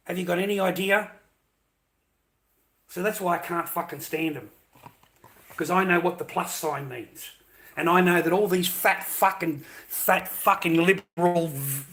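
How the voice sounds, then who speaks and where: Australian male streamer, slightly high voice, angry and foul-mouthed, confronting his viewers. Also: a bit bright. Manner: angry, profane, combative, addressing viewers directly. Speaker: livestreamer. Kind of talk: livestream rant to chat.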